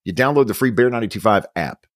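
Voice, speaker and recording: A man co-hosting a podcast in casual chat, quick and joking, cutting in with questions. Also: fairly low pitch, expressive, dry recording, studio quality. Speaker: podcast and radio host.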